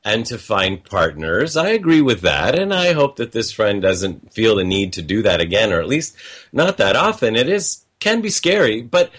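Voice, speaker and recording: A man's voice: on the low side, big pitch swings, normal speed, fairly bright tone. A man speaking in a personal reflective monologue, telling stories of calls he got and quoting the callers. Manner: conversational, storytelling with quoted callers, chuckles often.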